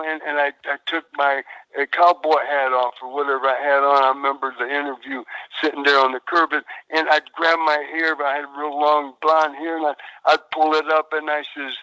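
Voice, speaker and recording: A man's voice: a little high, little pitch movement, fairly quick, sharp tone, clear, resonant tone, no room sound. An older man, a retired wrestler, telling stories as a podcast guest, rambling and repeating words, calling the host brother and man. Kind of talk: animated storytelling interview. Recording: dull phone-like call line.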